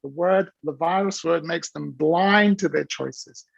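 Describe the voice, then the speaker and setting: A man giving an animated motivational talk on a video call, preaching and acting out quotes. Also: fairly high pitch, a little slow, gravelly, no room sound, highs cut off. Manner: preachy, acts out quoted voices, laughs often. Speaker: guest speaker on a virtual summit call.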